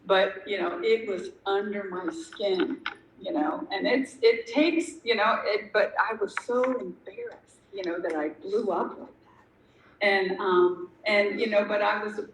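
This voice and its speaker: A woman's voice: mid-range voice, a little slow. A middle-aged woman sharing her story at a recovery meeting, candid and self-deprecating, rambling with lots of fillers. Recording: echoey room with faint noise.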